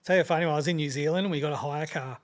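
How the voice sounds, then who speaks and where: Australian man, 50s, slightly high voice, fast rambling guest chat. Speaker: rapper guest. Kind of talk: casual chat.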